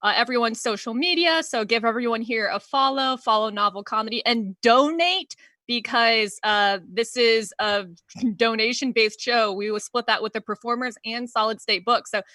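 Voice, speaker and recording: A bright-voiced woman hosts a casual online comedy show. She talks in a playful, self-deprecating way and giggles often. Her voice sounds dry and close, as on a video call. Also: fairly high pitch, moderate pace, no room sound.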